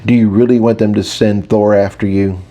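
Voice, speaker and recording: A man's voice: fairly low pitch, little pitch movement, a little fast, dark tone, close to an everyday voice. A man reading an audiobook, voicing a prim, disapproving male inner voice with a British lilt. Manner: snippy, scolding.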